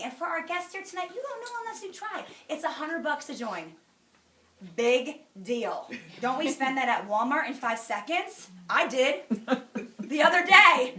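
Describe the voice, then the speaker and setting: Animated woman speaking in an echoey hall. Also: high voice. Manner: animated storyteller, acting out dialogue. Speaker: sales director speaking at a meeting. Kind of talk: motivational talk to a group. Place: meeting room. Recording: echoey room, from a distance, faint noise.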